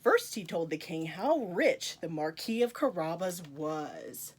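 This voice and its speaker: Lively woman reading a children's story. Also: fairly low pitch, slow, slight background noise. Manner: animated, playful asides to young listeners. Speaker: storytime reader. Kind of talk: reading a picture book aloud to children.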